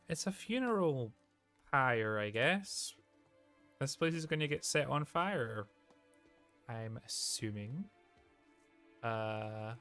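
A young man streaming a video game, giving animated, joking commentary and swearing freely. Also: medium pitch, slow, long pauses, soft background music. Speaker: let's play streamer. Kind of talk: casual gaming commentary.

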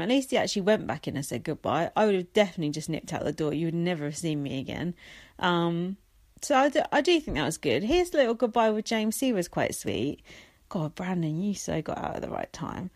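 A woman's voice: on the low side, no echo. Young woman, blunt, sweary, sarcastic, casual recap chat, close dry sound. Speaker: reality TV commentator.

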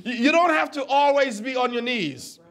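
Casting note: man with a high voice, a pastor teaching from the pulpit in a loose storytelling way that stumbles over words. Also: normal speed, fairly bright tone. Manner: conversational, stammers and repeats words, quizzes the congregation. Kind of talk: teaching sermon with stories.

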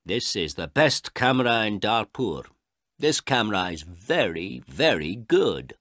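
A man voicing a proud, pushy town photographer who talks slowly and bossily. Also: medium pitch, big pitch swings, fairly bright tone, dry recording, studio quality, voice pushed up. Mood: proud, bossy. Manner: slow, proud and bossy.

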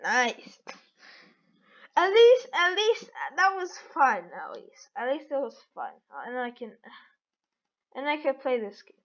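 A woman giving casual game commentary as a channel host, excitable and giggly, teasing the other players. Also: high-pitched, a little slow. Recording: dull lo-fi audio.

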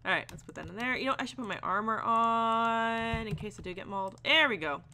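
Brisk, lively and fairly high-pitched, her pushed, bright voice carries casual gameplay chatter. She giggles, talks to the animals and slips into silly voices, with slight background noise.

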